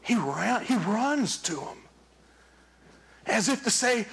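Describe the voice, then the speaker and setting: A man preaching a sermon in an animated, joking storytelling manner. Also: sits high, slow, gravelly, long pauses.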